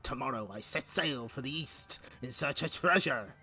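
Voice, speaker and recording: A man's voice: mid-range voice, animated, normal speed, pushed and bright, slightly rough, soft background music, heavily acted. A man voicing a blustering, scheming male pirate captain who talks in pirate speech. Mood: boastful. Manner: pirate talk with "be" for "is".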